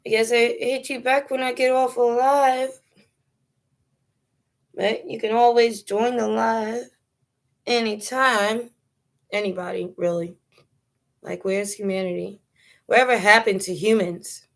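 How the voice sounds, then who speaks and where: A young woman from New York City, with a New York accent, chats casually on a phone livestream, laughing often and dropping slang. Her voice is fairly high and gravelly with fairly even intonation, and her talk is unhurried and drawn out.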